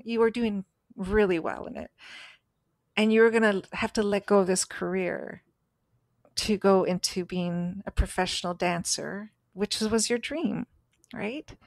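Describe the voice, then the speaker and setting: A woman's voice: medium pitch, fairly even intonation, a little slow, no room sound. A woman co-hosting a podcast, telling a personal story in an earnest, emphatic way. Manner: earnest, emphatic, acts out voices in stories. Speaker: podcast co-host.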